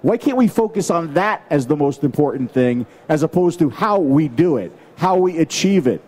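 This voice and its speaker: A man's voice: on the high side, expressive, moderate pace, a little mellow. An American man speaking as a conference panelist, talking casually and emphatically with plenty of fillers and restarts. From United States. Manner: emphatic, rambling, many fillers.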